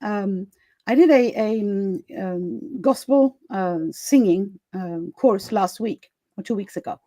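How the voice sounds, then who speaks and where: A woman's voice: medium pitch, takes it slowly, warm tone, no room sound. A woman hosting a live summit chat, casual and full of laughter, fillers and restarts, speaking over a video call. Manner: chatty, laughs often, many fillers and restarts. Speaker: summit host.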